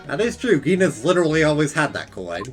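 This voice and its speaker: Playful woman streamer, lively voice. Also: low-pitched, fast, faint music behind. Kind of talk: casual game playthrough commentary.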